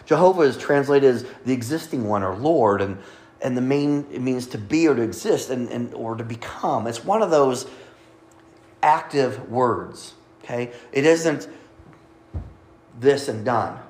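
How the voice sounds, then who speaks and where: A man's voice: medium pitch, unhurried, a little mellow. A man preaching a sermon, explaining scripture and the names of God with light asides to his listeners. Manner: teaching, reading scripture aloud, light asides.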